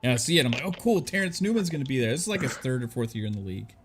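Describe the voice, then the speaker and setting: A man's voice: medium pitch, very animated, very fast, noisy background. A married man telling a story in casual chat, laid-back, stumbling over words and swearing. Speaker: podcast panelist.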